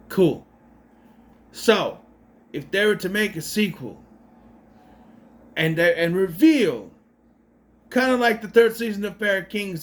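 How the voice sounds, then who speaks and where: Lively rambling man recapping a movie. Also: fairly high pitch. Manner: rambling, self-correcting, sarcastic asides. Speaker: movie reviewer. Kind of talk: casual spoken movie recap.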